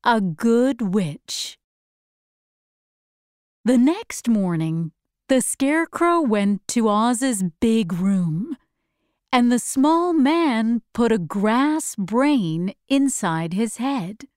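A woman narrating a storybook in a slow, clear, expressive read-aloud. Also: on the high side, no echo, clean studio sound.

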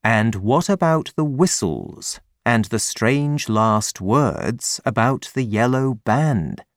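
A man reading an audiobook, voicing a calm, clever detective with a measured, dryly ironic manner. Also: medium pitch, no echo, studio quality.

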